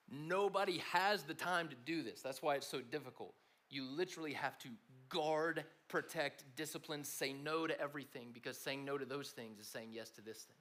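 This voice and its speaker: A man's voice: a little high, normal speed, a bit bright. Man preaching in a casual, chatty way. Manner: conversational preaching, addresses the room directly. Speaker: speaker at a student gathering. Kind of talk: sermon.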